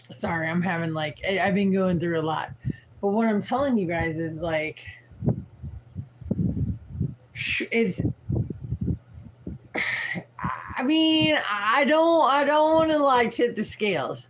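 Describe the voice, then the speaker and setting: A tired vlogger from St. Louis, in the US Midwest, rambles frankly through a livestream, swearing casually and leaning on fillers. Her voice is mid-range, with background noise in the recording.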